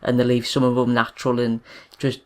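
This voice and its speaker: A man's voice: medium pitch, fairly quick. A man co-hosting a casual podcast, talking with enthusiasm in a loose way, full of fillers. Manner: enthusiastic but flat, fillers like "like" and "I don't know". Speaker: podcast co-host.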